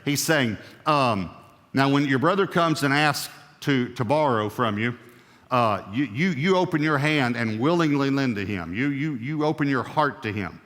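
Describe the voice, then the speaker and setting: A man preaching a sermon, emphatic, with a voice that swings up and down in pitch and loudness. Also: animated, normal speed, long reverb tail. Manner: emphatic, rising and falling in pitch and volume. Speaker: pastor.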